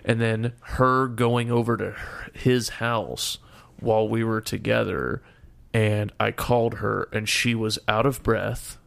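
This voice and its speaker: Young man, low gravelly voice, swears often while retelling a story, casual and exasperated. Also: fairly even intonation, slow, a bit bright. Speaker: storyteller guest.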